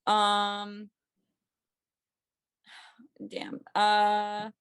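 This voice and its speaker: A woman's voice: medium pitch, monotone, extremely slow, fairly bright tone, clean tone. A woman playing a tabletop game, chatting casually with many fillers. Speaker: player.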